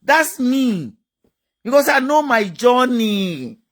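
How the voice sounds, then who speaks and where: Woman, motivational talk, repetitive and emphatic, slightly high voice. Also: sing-song, slow pace. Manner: emphatic and repetitive, rhetorical questions. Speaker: motivational speaker.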